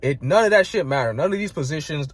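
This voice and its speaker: A man's voice: on the high side, animated, fast, dry recording. A young man telling a heated, profane story about a clash at work, full of "like" and "bro". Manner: fills speech with "like" and "bro". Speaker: vlogger. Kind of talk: casual storytelling rant.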